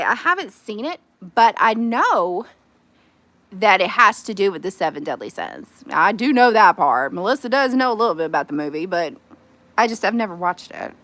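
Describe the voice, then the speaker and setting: A woman with a Southern US accent, chatting casually with her livestream viewers from her phone, animated and quick to squeal and laugh. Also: medium pitch. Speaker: livestream host.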